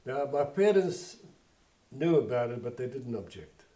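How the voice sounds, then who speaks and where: An older man from South Africa recalls his past in a plainspoken, rambling way. His voice is mellow and warm, at an ordinary pitch. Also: big pitch swings, unhurried. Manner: plainspoken, digressive storytelling. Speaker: interviewee. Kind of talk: oral history interview.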